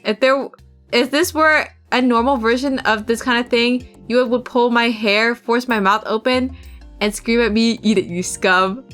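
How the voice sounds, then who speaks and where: A young woman on a livestream reads a visual novel aloud in a fairly high voice, casual and profane, leaning into its dramatic passages. Faint game music plays behind her. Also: steady tone, a little slow, fairly bright tone. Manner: casual, profane, laughs at the script. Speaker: streamer.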